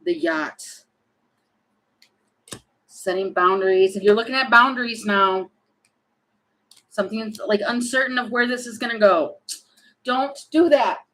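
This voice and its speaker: A woman doing a casual tarot reading, thinking aloud and animated, with many fillers and restarts. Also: mid-range voice, a little slow, long pauses, a little hiss or hum, rough recording. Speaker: tarot reader.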